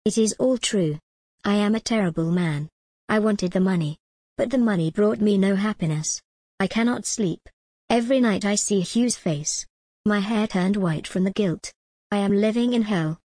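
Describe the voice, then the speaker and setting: A woman's voice: mid-range voice, moderate pace, mellow, no room sound, natural voice. A woman reading the lines of a guilt-ridden, nervous middle-aged man in a storybook, in a plain, close, dry voice. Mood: confessing. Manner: trembling, pleading.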